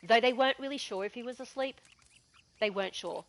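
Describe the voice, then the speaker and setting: A woman's voice: fairly high pitch, fairly quick, a bit bright, low-quality recording. Chatty Aussie woman telling a yarn. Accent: Australian. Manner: chatty, digressive. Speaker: gaming vlogger. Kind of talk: casual storytelling.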